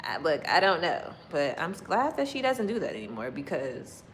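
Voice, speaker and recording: A woman with a slightly low voice chats casually with her viewers from her kitchen. She laughs often and acts out little quotes as she goes, lively and chatty. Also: moderate pace, a little hiss or hum, rough recording. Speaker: livestream host chatting with viewers. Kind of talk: casual chat.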